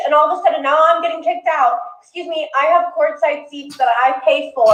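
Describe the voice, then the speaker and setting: A high-voiced woman tells her story in a heated, profane rush. Her voice rings in a roomy, echoey clip. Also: fairly even intonation, quick pace. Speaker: courtside spectator in a news clip. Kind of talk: angry retelling.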